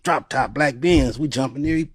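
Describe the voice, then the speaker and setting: A man's voice: medium pitch, normal speed, husky. A man guest telling a story in a casual, slangy way, often checking in with the listener.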